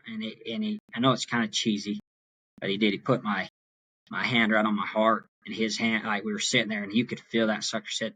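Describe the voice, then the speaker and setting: A young man as a podcast guest, earnestly retelling a personal story in an animated way. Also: lowish voice, brisk, husky. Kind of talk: storytelling in an interview.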